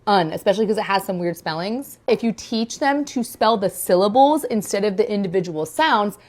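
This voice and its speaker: A young adult woman explaining a reading technique to parents. She speaks clearly and deliberately and slows down to sound out words. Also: medium pitch, animated, a little mellow. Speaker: homeschool teacher. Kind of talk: instructional talk to parents.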